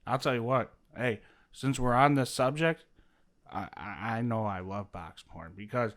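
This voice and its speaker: A man's voice: mid-range voice, measured pace, a bit bright. A man co-hosting a gaming podcast in casual chat, playfully riffing on jokes. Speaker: podcast co-host.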